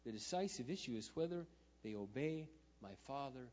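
A man preaching a sermon as a pastor, swinging between hushed, tender passages and loud, impassioned outbursts. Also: mid-range voice, animated, moderate pace. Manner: emotional, swings from hushed to shouting. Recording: muffled, with a long hall echo.

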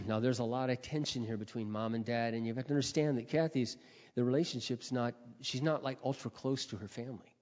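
A middle-aged man delivers a sermon through earnest personal stories, pausing often to clear his throat. His voice sits at an ordinary pitch and carries a long reverb from a large hall. The recording is muffled and lo-fi. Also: steady tone, darkish tone. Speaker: preacher. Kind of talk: sermon storytelling.

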